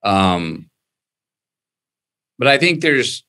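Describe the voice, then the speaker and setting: A man speaking as a guest in an interview, animated and emphatic, acting out the voices of people he quotes. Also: medium pitch, drawn-out words. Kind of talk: conversational interview.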